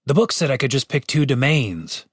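A man's voice: medium pitch, big pitch swings, normal speed, slightly rough, no echo, studio quality. A man voicing an awkward, sheepish dwarf cleric who hesitates and stammers.

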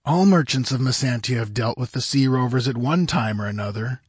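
A man's voice: a little fast, husky, no echo, studio quality, natural voice. Publio, a jittery rich merchant as a man puts him on. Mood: nervous. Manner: fearful, pleading, higher strained voice. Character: nervous, wealthy middle-aged male merchant. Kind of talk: audiobook character voice.

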